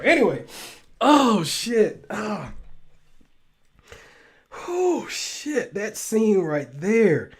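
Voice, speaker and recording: Animated slow-talking man host. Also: high-pitched, slightly rough. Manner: animated, laughs often, repeats phrases, swears freely. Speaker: show host. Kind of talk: casual solo talk show monologue.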